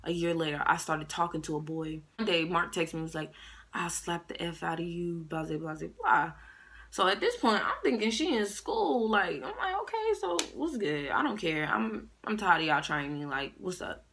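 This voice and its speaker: A young woman tells a long storytime straight to camera, loose and slangy. Her voice is bright and a little low-pitched, and she jumps up into sharper voices when she quotes people. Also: normal speed. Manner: animated, slangy, acts out quotes in raised voices. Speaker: vlogger. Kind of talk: casual storytime monologue.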